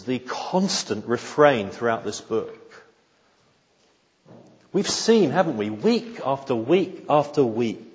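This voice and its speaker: A man's voice: medium pitch, darkish tone. A man delivers a sermon, driving home each point by repeating it and asking the congregation pointed questions. His voice rings out with a long reverb tail through a church hall. The recording sounds somewhat dull and muffled. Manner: emphatic, repeats key phrases, rhetorical questions. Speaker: pastor.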